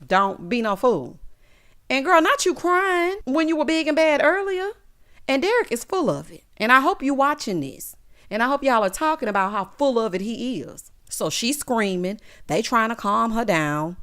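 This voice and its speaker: A woman's voice: on the high side, animated, moderate pace, fairly bright tone, clear, resonant tone. A woman giving a casual, sassy recap of a reality show, talking straight to her viewers.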